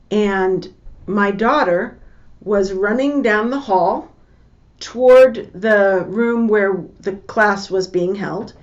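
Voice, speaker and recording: An older woman giving a lesson with personal stories, talking in a slow, measured way and repeating her key points. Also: medium pitch, muffled recording. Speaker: teacher.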